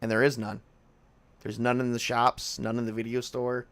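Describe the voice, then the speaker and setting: A man's voice: mid-range voice, level tone, normal speed, fairly bright tone, no echo. A man narrating a tabletop horror game as game master, in a casual way with frequent restarts.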